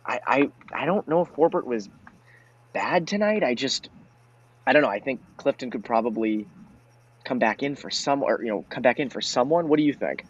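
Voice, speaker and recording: Husky man on dull lo-fi audio. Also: medium pitch, lively intonation, moderate pace. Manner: casual, rambling, hedges with "like" and "um". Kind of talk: postgame hockey discussion.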